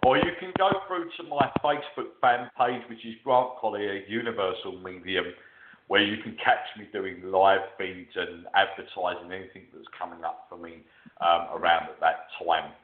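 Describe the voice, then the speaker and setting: An English man chats as a guest in an interview, talking loosely with many ums and uhs. His voice sits fairly low. The sound is echoey and tinny, like a phone call. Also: normal speed. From United Kingdom. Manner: chatty, with frequent ums and uhs. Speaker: guest medium. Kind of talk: casual interview chat.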